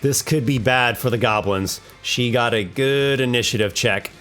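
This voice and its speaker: A man's voice: mid-range voice, moderate pace, a bit bright, faint music behind. A man hosting a tabletop monster battle, narrating with enthusiasm and thinking aloud over the dice rolls. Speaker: host running a monster battle. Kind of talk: narrating a tabletop combat simulation.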